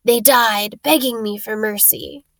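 A woman voicing an evil male dark lord, a face growing from another man's head, with a high, hissing, slow and menacing voice. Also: poor audio.

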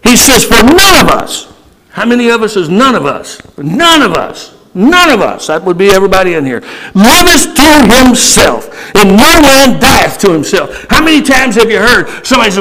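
High gravelly preaching man. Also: sing-song, noisy background. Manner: preaching with sudden shouts and slow emphatic stretches. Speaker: pastor. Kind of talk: sermon.

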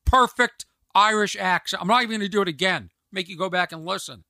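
A man's voice: high voice, fairly quick, pushed and bright, no room sound. A man hosting a solo comedic podcast from a home studio in a converted camper, rambling and self-mocking with exaggerated pleading. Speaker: podcast host.

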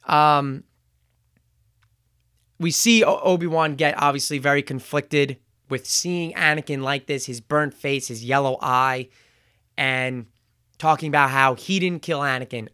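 At a measured pace, a man recaps and reviews a show in a chatty manner, his smooth, fairly high voice stumbling now and then, correcting itself and padding with "um." Nothing of the room comes through; the sound is dry, close and echo-free.

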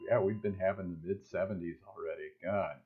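A lively man co-hosts a relaxed weekly talk show. He laughs easily and chats warmly with his co-host. His voice comes through a thin, phone-like line. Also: fairly quick, slightly rough. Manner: animated, laughs often, acts out cartoon lines in a high voice. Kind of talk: casual chat.

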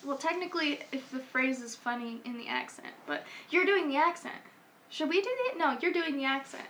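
High-pitched giggly young woman. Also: fairly bright tone, a little hiss or hum. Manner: giggly, explains rules haltingly. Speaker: family game player. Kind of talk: casual family chat.

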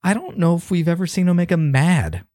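A man in his thirties chatting casually as a podcast co-host, campy and animated, slipping into squealed voices. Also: fairly high pitch, fairly quick, dry recording, clean studio sound. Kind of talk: casual chat.

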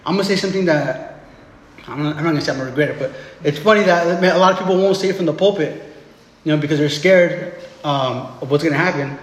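A man with a slightly high voice preaches in a loose, conversational way, full of restarts and quick tag questions. His voice rings out through a large hall with a long, echoey reverb. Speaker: pastor. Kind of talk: sermon.

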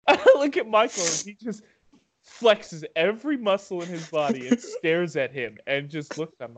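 Animated, swearing man telling stories. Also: sits high, moderate pace, crowd noise. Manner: animated, laughs often, swears freely, acts out quotes. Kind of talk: casual storytelling chat.

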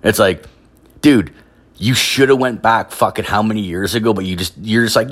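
A young man from Canada telling a profane, rambling story, full of "like" fillers and swearing, mimicking other people in a higher voice. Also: moderate pace, a bit bright. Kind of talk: profane casual storytelling rant.

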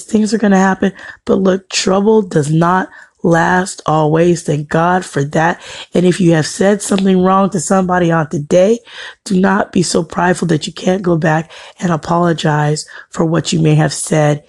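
Woman, faith-based motivational speaker: husky, gravelly, earnest and emphatic, dry close sound. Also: on the low side, darkish tone, no room sound. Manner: earnest, preaching encouragement with emphatic repetition. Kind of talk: inspirational devotional talk.

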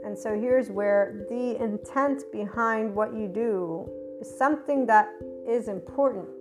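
A woman's voice: fairly high pitch, unhurried. Woman telling stories over guitar music. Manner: animated storytelling, acts out quoted arguments, swears casually. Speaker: spiritual channeler sharing stories. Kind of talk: casual spoken monologue.

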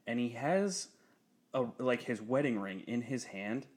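A man's voice: mid-range voice, measured pace. Profane, storytelling young man. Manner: profane storytelling, laughs often, animated when quoting others. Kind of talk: casual chat.

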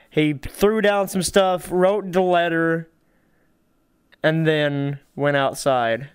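A man's voice: on the high side, clear, resonant tone, dry recording, studio quality. A man hosting a casual group podcast, joking and laughing often as he tells the story. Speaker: podcast host.

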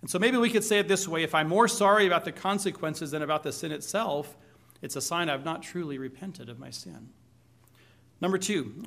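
A male pastor delivering a conversational sermon. His voice is bright and forceful, pitched a little high, and he mixes scripture reading with questions to the congregation and light humor. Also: creaky.

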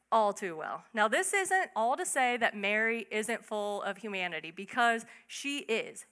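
A young woman giving a casual, chatty Bible teaching, acting out quick asides. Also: medium pitch, pushed and bright, smooth. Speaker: bible study speaker.

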